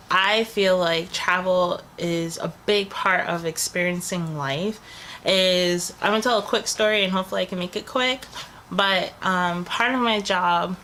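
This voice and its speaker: A woman's voice: fairly low pitch, pushed and bright. A young woman vlogging about travel, getting over a cold, chatting and rambling with lots of fillers. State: recovering from a cold, coughing. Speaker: travel vlogger, channel co-host. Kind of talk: casual storytelling to camera. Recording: faint background noise.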